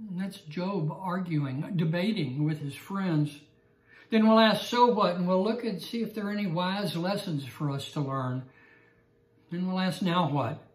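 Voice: mid-range voice, echoey room. A Bible class teacher giving an evening lesson and telling a joke with chuckles and restarts.

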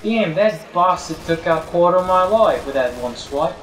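Lively chatty gamer man, echoey room. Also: high voice, moderate pace, recorded from a distance, a little hiss or hum. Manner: chatty, complaining, mock-British put-on accent. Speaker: let's play co-host. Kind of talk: casual gaming banter. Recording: roomy, off-mic.

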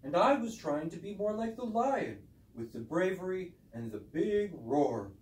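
A woman's voice: sing-song, unhurried, darkish tone. Woman voicing Minerva, a hooting owl puppet. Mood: eager. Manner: sweet, earnest, slips into high hoots. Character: cheerful female owl puppet, earnest, keeps hooting. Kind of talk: children's puppet skit. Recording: roomy sound from a distant mic.

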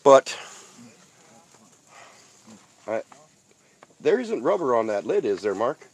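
This van-life vlogger speaks in a husky, sing-song mid-range voice at normal speed. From his outdoor desert campsite he hosts a live stream, eating while he chats, rambling on and reading viewer comments aloud.

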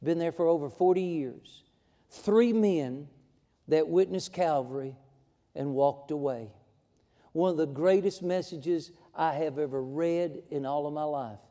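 A man's voice: on the high side, unhurried, warm tone, in a large hall. A man preaching a sermon in a folksy, emphatic way, building to fervent passages. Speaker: pastor. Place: church sanctuary.

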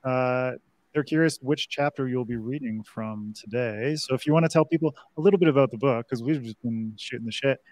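A man co-hosting a livestream, relaxed and joking, reading out viewer comments. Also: mid-range voice, brisk. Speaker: co-host.

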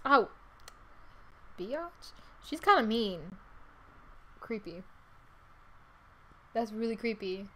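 A woman streamer giving casual let's-play commentary, chatty, reacting loudly and laughing often. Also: on the high side, expressive, very slow, pauses often.

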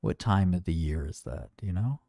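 A man's voice: low-pitched, brisk, gravelly, warm tone, no echo. A man giving rambling, sarcastic livestream commentary, mocking and wandering off topic.

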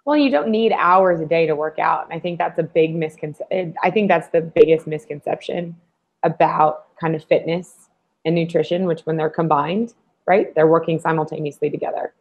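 A woman on a fitness panel who talks in a lively way and acts out the voices she quotes. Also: sits low, moderate pace. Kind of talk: casual panel discussion. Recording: slightly dull lo-fi audio.

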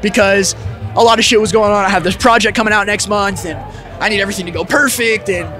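Young male musician guest with a high voice, loose slangy storyteller, swears freely, soft music underneath. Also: fairly even intonation, quick pace, a faint crowd. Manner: laid-back, filler-heavy slang with frequent "like" and swearing. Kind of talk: casual storytelling in an interview.

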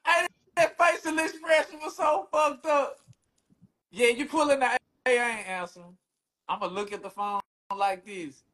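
A man's voice: extremely high pitch, normal speed, pushed and bright. A man hosting a live stream, laid-back, profane and teasing. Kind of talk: casual live-stream chat.

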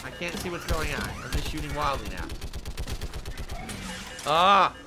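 A man giving casual gameplay commentary, excitable and prone to laughing and mock-outraged rants. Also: a little high, fast, background noise.

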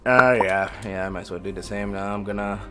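A man's voice: fairly low pitch, a little fast, crowd noise. A man streaming a video game from home, chatting casually with a friend, joking and swearing, and scolding his dog between rounds. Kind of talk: casual gaming chat.

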